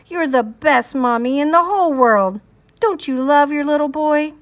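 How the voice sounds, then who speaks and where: A woman voicing a mischievous, excitable little boy in a read-aloud storybook, speaking in a wheedling, sing-song way. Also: sits high, normal speed, highs cut off, pitched above the performer's own voice, natural voice. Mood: playful.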